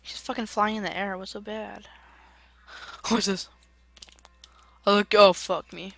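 A woman hosting a let's-play video, swearing and shouting in excitable outbursts as she plays. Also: mid-range voice, unhurried, gravelly. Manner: loud, profane, excitable outbursts. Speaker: gaming channel host.

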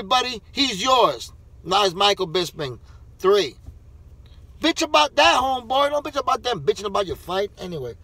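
A man's voice: high-pitched, a bit bright, dry recording. A man who wrestles, ranting to camera in a heated, profane, rambling way. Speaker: wrestler vlogger.

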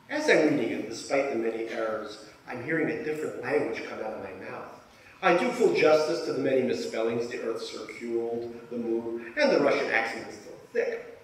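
A man's voice: medium pitch, brisk. A Soviet-born male author reads from his memoir to a live audience with dry, self-deprecating humor. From Soviet Union. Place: large lecture hall. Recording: echoey hall from far off.

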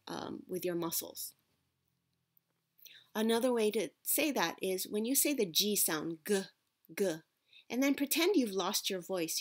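A woman teaching Japanese pronunciation in a patient, deliberate classroom manner, modelling sounds for her students. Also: mid-range voice. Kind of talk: classroom-style lesson.

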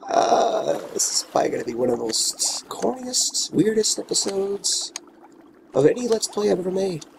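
A man with a fairly high, very animated voice talks through a game he is playing at home. He is playful and coos baby talk at his character, sliding between quiet mutters and sudden exclamations. A faint hiss sits under the recording. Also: moderate pace, vocal fry. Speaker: let's play gamer. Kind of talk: casual gameplay commentary. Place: home room with his dogs nearby.

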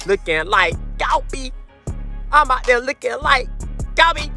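A young man commentates his basketball video game for his chat in a high, bright, sharp-edged voice. He trash-talks loudly and slips into a sing-song lilt. Faint game music runs underneath. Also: a little slow, gravelly. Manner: loud, animated trash talk to chat, sometimes sing-song. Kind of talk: hyped gameplay commentary.

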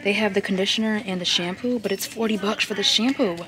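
A woman's voice: medium pitch, steady tone, fast talker, noisy background. A woman in her twenties talking casually while vlogging, chatty and joking as she tells stories. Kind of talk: casual chat.

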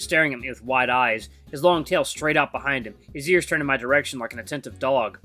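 A game streamer reading the narration of a visual novel aloud in a lowered, steady voice. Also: fast, few pauses, soft background music.

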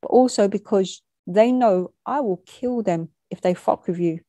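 A grown male drug dealer with an Italian accent, as a woman reading a story puts him on. He talks easy and amused, but a cold, quiet threat sits under every line. The voice is mellow and dry, close to the mic. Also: mid-range voice, measured pace, no room sound, close to an everyday voice. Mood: smooth, menacing. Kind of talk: reading a short story aloud.

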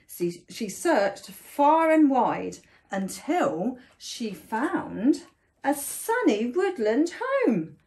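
A woman reading a picture book aloud for children in an animated, sing-song storytime manner. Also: on the high side, very slow. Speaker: storytime reader.

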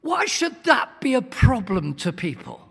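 A man preaches to a congregation in a high, gravelly voice. He pushes his points hard and sometimes nearly shouts. Long reverb rings around him in the church hall. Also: huge pitch swings, unhurried. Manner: emphatic, swells to near-shouts, asks the congregation questions. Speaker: guest preacher. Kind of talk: sermon.

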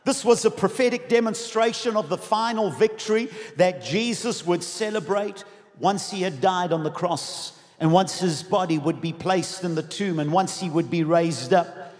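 A pastor preaching a sermon with passion, often shouting and leading his congregation in declarations. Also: high-pitched, moderate pace. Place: large church dome. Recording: long hall reverb.

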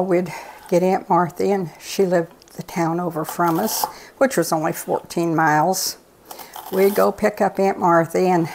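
A woman's voice: lowish voice, a little mellow, a little hiss or hum. An older woman telling rambling, folksy stories in a casual, chatty way while she cooks. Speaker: cooking show regular, host's mother. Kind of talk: casual storytelling while cooking.

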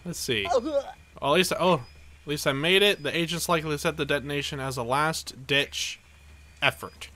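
A young man giving excitable let's play commentary, narrating his own moves with dramatic panic. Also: fairly high pitch, normal speed. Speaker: gameplay commentator.

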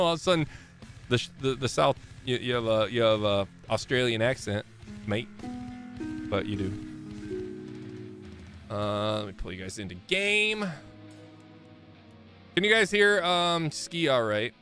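A man's voice: mid-range voice, lively intonation, unhurried, long pauses, sharp tone, soft background music. A man in his thirties hosting a live game stream, chatting casually and rambling, often correcting himself and laughing.

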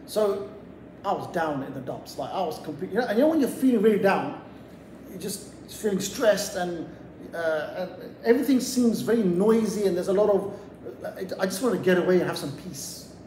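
A man's voice: high voice, lively intonation, fairly quick, darkish tone, slight background noise. A man from England giving a motivational lecture to young people in a community hall, telling a casual story with lots of asides. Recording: echoey hall, voice heard from a distant mic.

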